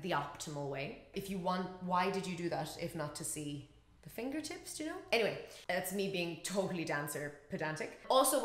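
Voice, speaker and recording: A woman chattily reacting to and breaking down a dance routine, often laughing and shrieking with excitement. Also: lowish voice. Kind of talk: casual reaction commentary. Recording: roomy echo with faint music behind.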